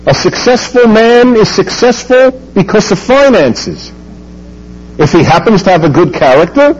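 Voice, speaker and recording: Guy lecturing a crowd, pitch swings all over, kinda muffled with a faint hum. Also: sing-song, moderate pace. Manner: emphatic, rhetorical questions, sweeping pitch. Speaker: speaker lecturing an audience. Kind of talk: speech to a live audience.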